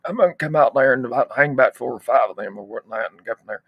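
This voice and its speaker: A man's voice: mid-range voice, quick pace, hardly any pauses, slightly rough, no echo, lo-fi sound. A brash, slangy man from the United States hosting his channel's casual livestream, trash-talking and boasting as he talks to his chat. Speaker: channel host.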